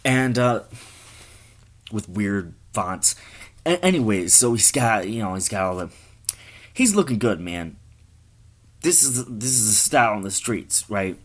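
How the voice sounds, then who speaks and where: A man's voice: lowish voice, sing-song, unhurried, long pauses. A man telling a rambling, profane comic story in a casual way. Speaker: comedian.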